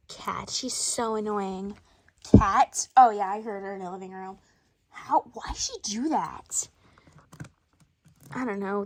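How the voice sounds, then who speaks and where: A woman performing an improvised skit, switching rapidly between many bickering characters in different voices. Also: medium pitch, dry recording. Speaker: storyteller voicing every character. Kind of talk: improvised doll-play skit.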